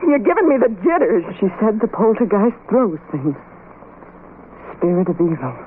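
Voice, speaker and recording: A woman's voice: mid-range voice, very animated, moderate pace, natural voice. An actress playing an anxious, pleading young woman. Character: frightened young working women arguing. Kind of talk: 1930s radio acting. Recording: tinny hissy old radio broadcast.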